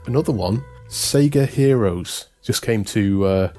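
A man in easy podcast chat, his voice sitting fairly low. He rambles through his points and keeps correcting himself along the way. Faint music plays underneath. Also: a little slow, dark tone. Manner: rambling, self-correcting, amused. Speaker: podcast co-host. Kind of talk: casual chat.

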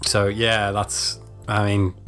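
A man chatting on a podcast in a relaxed, dry way, with a lowish voice. He laughs easily between points. Faint music plays behind him. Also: slow. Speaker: podcast co-host. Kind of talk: casual chat.

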